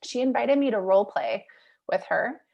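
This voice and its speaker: A woman speaking as a podcast guest, recounting her own experience in a lively, conversational flow. Her talk is loose and candid, sprinkled with "like" and "you know". She laughs readily between thoughts, in a voice of ordinary middle pitch. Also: normal speed, gravelly, highs cut off. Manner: animated, chatty, peppered with "like" and "you know"; laughs easily while telling stories. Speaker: guest, mindset coach and facilitator. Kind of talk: candid personal storytelling in a podcast interview.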